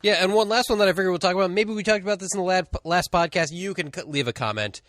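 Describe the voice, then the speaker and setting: A man's voice: high-pitched, fast, fairly bright tone, dry recording, studio quality. Laid-back, jokey male podcast host. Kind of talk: casual chat. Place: record store.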